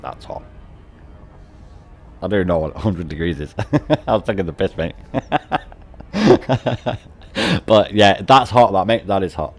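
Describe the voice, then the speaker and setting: Deep-voiced British man chatting, swearing. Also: takes it slowly, pauses often. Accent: British English. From United Kingdom. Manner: chatty, swearing, laughs often. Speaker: game streamer. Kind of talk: casual live-stream chat.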